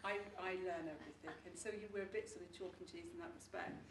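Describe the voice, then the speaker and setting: Middle-aged woman, chatty storyteller who laughs a lot, bright tone, distant mic, faint noise. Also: on the low side, fairly even intonation, fast talker, roomy sound. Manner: chatty, laughing, restarts often. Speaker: testimonial speaker. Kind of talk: casual story-telling before an audience.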